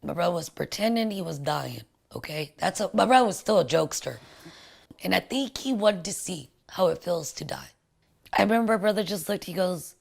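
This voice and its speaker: Soft-spoken woman with a gravelly edge. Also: fairly low pitch, animated, brisk. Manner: soft, often hushed and emotional. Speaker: sister of the deceased. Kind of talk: personal storytelling interview.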